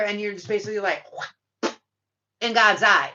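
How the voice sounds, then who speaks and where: A woman with a sharp, bright voice delivers a spiritual talk in a loose, rambling way. She swears freely and leans on fillers as she circles her point. The recording is dull and lo-fi. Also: mid-range voice, moderate pace. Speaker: spiritual reader and channel host. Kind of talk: casual spiritual monologue. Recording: dull lo-fi sound.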